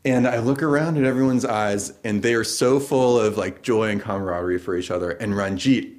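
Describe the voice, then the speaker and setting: A man's voice: on the low side, brisk, a little mellow. Laughing American man telling a story. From United States. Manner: casual, laughs through the funny parts. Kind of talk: personal story told live.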